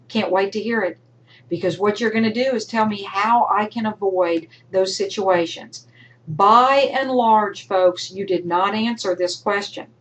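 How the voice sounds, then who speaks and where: A woman's voice: medium pitch, a little hiss or hum, rough recording. A woman college instructor giving recorded feedback to her students, emphatic and coaching, sometimes acting out imagined student voices. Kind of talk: recorded lecture to online students.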